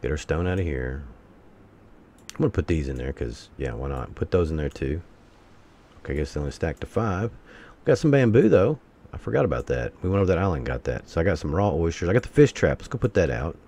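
A low-pitched man narrates a survival game as he plays it. His voice leaps up and down as he mutters to himself and breaks into exasperated curses. A faint hiss of noise sits under the recording. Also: very animated, fast talker, mellow. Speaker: let's-play host. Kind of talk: let's-play commentary.

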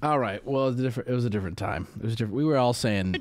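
A man casually commenting on viewer clips on a live stream, crude and quick to laugh. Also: medium pitch, noisy background. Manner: crude, joking, laughs often.

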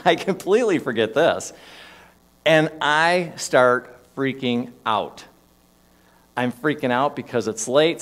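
A man giving a sermon in a church, telling a personal story in a conversational way with shifting emphasis. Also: mid-range voice. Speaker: minister. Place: church sanctuary.

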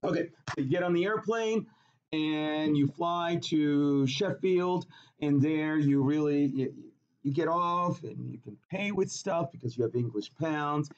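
A man's voice: a little high, measured pace. A man teaching a chemistry class, telling a playful story and quizzing students, in a dull lo-fi recording. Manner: animated, jokey, asks the class questions.

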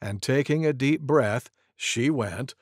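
A storyteller reading a children's picture book aloud with an expressive, animated delivery. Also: medium pitch, slow pace, slightly rough, no room sound, studio quality. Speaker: storybook narrator.

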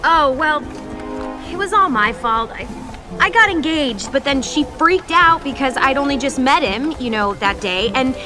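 A woman's voice: high voice, lively intonation, a little slow. A woman voicing a naive, sassy young man who talks in a chatty, breezy way, from a played clip with music behind.

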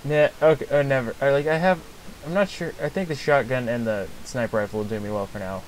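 A man hosting a let's play gives nervous, rambling gameplay commentary, jumpy and prone to restarting his sentences. His mid-range voice moves at a quick pace, and the poor audio carries slight background noise.

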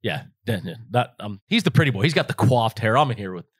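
A man's voice: on the low side, quick pace, dry recording, studio quality. Joking American man telling stories. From Las Vegas, United States. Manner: animated, joking storyteller who acts out his family's voices. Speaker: guest. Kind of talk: casual interview storytelling.

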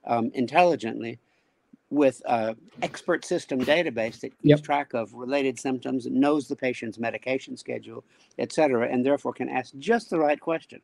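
A man being interviewed as a speech technology expert, explaining ideas in a measured, thoughtful way. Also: mid-range voice, vocal fry, a little mellow, slight background noise. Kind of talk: casual conversational interview.

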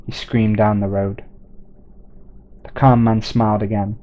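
Low, dark-voiced male storyteller. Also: level tone, unhurried. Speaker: narrator. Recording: dull lo-fi recording.

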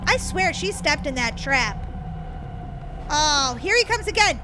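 A woman's voice: high voice, very animated, a little slow, background noise. A woman playing a game as the villain, chatting playfully, giggling and teasing in a mock-evil way. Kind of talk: playful let's-play chatter. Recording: game music underneath.

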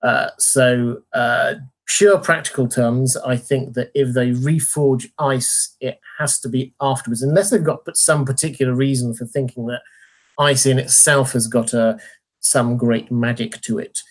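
A man in a casual livestream chat, speaking in a measured, dry, slightly formal way. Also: medium pitch, steady tone. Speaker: co-host of a fan discussion livestream.

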